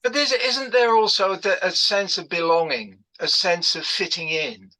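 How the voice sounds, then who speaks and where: A man from Essex, an actor, telling stories in a reflective, animated way during a casual video call chat. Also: high voice, moderate pace, rough recording. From Essex, England. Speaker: actor in discussion group.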